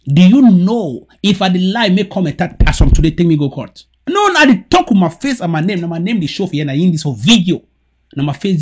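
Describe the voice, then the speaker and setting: A man from Cameroon with a Cameroonian Pidgin English accent, delivering an impassioned political rant that swings from loud shouting outbursts to low muttering. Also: breathy edge. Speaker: political commentator. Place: home TV studio setup.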